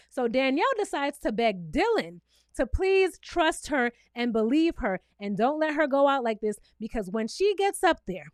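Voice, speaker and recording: A woman vlogger giving a sassy, animated recap of a reality TV episode and talking straight to her viewers. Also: sits high, normal speed, no echo, studio quality. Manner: acts out cast members' lines in playful voices.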